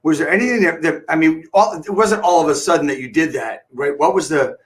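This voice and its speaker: A man's voice: fairly high pitch, fairly quick. A man hosting an interview show, rambling and restarting his questions. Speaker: host. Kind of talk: casual interview chat.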